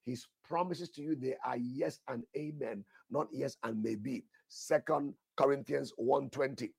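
A man's voice: medium pitch, unhurried, vocal fry, darkish tone, husky, no room sound, clean studio sound. A man preaching a sermon, emphatic, repeating his phrases and asking the listeners questions, with bursts of prayer in tongues.

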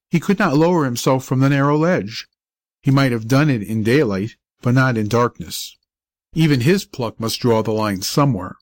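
A man reading a story aloud as an audiobook narrator, in a measured storytelling manner. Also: medium pitch, no room sound. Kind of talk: scripted narration.

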